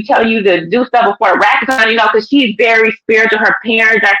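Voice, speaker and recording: A woman guest on a podcast, telling a personal faith story in a lively, animated way and acting out what people said. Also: fairly high pitch, fast talker, a little hiss or hum. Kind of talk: casual testimony. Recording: dull lo-fi sound.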